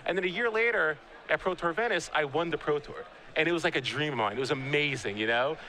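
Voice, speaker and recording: A man in his thirties doing live game commentary, a chatty and animated storyteller who often restarts his sentences. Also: on the high side, fast talker. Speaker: guest commentator, pro player.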